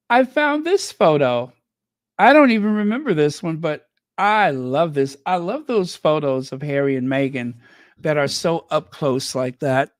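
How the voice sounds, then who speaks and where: Slow, gushing woman host, dry close mic. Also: low-pitched, no room sound. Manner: chatty, rambling, full of fillers and restarts; gushing, sentimental reactions. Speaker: royal news channel host. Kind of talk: casual livestream commentary.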